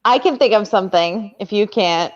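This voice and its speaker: A woman's voice: medium pitch, normal speed, dull audio. A woman hosting a casual trivia stream, teasing and laughing often as she chats with her boyfriend. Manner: giggly, teasing. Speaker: trivia host. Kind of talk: casual chat.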